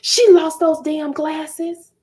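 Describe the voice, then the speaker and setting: A woman voicing a harsh, short-tempered mother, shrill and scolding as she accuses her child. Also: big pitch swings, slow, exaggerated voice. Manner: shrill, scolding, rising to yells.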